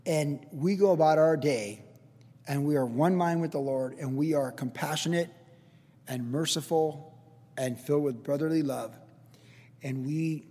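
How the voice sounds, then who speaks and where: Man, pastor, lively conversational sermon, repetitive, long church reverb. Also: fairly high pitch, husky. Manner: energetic, repetitive, talks straight to the congregation.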